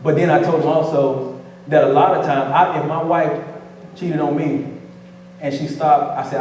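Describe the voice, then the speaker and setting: A high-voiced male pastor preaching a playful, call-and-response sermon, looping back on his phrases to rouse the room. He is heard from a distance in a church sanctuary, with a long, booming reverb. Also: fairly even intonation, normal speed, pauses often, a little mellow, slight background noise. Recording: echoey church hall from afar.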